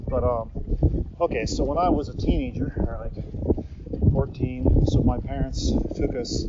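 Rambling man talking on a windy bike ride. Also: medium pitch. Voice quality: chatty, tangent-prone, laughs often. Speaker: podcast host. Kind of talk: casual rambling monologue. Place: outdoors on a riverside bike path. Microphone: portable recorder while cycling. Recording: lo-fi with loud wind noise.

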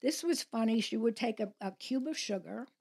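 Older lady chatting with her kid, fairly high voice, loves doing voices when she tells a story. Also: lively intonation, moderate pace, gravelly, a little mellow. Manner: storyteller, acts out quoted voices. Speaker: mother of co-host. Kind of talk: casual chat.

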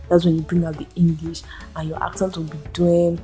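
A woman's voice: lowish voice, little pitch movement, brisk, dark tone, soft background music. A young Nigerian woman hosting a solo podcast, ranting and firing off exasperated rhetorical questions in a Nigerian accent. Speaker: podcast host.

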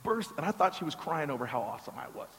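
A man delivers a sermon as a pastor, his voice sitting high for a man. He tells a story conversationally, slips in joking asides and often repeats words. A long reverb from a large hall trails his words. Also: big pitch swings, fast talker, noisy background.

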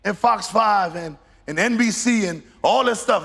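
Emphatic middle-aged preacher in a reverberant hall. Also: male voice, high voice, lively intonation, moderate pace, vocal fry, few pauses, sharp tone, slightly rough. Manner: preaching with rising emphatic bursts and sung phrases. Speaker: pastor. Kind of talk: sermon. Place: church sanctuary. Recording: long reverb of a large hall.

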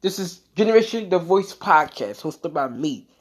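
A man's voice: a little high, lively intonation, moderate pace. Profane ranting young male podcast host. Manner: profane, repetitive, full of "like"; gets heated and louder. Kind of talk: solo podcast rant.

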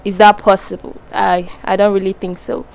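A woman's voice: mid-range voice, little pitch movement, moderate pace, gravelly, rough recording. A woman with a Nigerian accent giving earnest, emphatic feedback on a podcast. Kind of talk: casual voice note.

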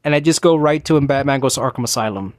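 A man's voice: medium pitch, racing, no room sound, clean studio sound. A man in his thirties hosting a casual solo talk show, rambling and ranting, with many restarts and fillers. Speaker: podcast host.

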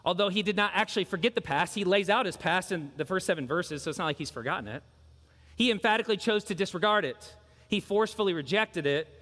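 A man's voice: high-pitched, quick pace, bright, forceful tone, in a large hall. A man preaching a sermon as pastor, earnest and emphatic, driving points home with repeated phrases.

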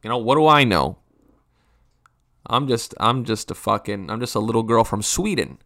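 A man's voice: mid-range voice, lively intonation, normal speed, bright, forceful tone. Rambling, profane man ranting about life. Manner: rambling, profane, self-mocking, frequent restarts. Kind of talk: casual comedic rant.

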